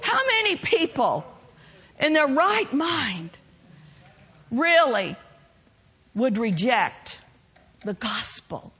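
A woman preaching a sermon, swinging between loud shouted lines and soft hushed ones. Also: high voice, very animated, extremely slow, long pauses, breathy edge.

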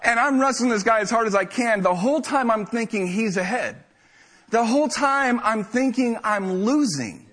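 A young man telling a lively, self-mocking story to a live audience. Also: extremely high pitch, moderate pace.

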